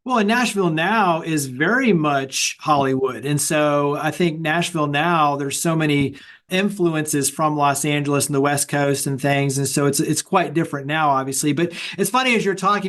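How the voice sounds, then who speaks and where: High-voiced chatty man hosting an interview. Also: normal speed, a bit bright. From Texas. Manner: friendly, chatty, laughing asides. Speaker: podcast host. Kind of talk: conversational interview.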